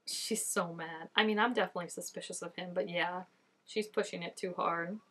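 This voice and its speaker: A woman's voice: on the low side, fairly even intonation, brisk, fairly bright tone, husky. A woman reacting to a TV episode in casual commentary, exclaiming, gasping and laughing often at the screen. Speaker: TV show reactor.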